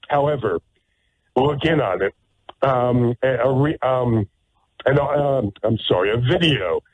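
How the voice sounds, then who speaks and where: The husky, mid-range voice of a talk radio host carries an opinionated monologue, sarcastic and emphatic with lots of repetition. Recorded in a studio with no echo, it sounds tinny and narrow-band.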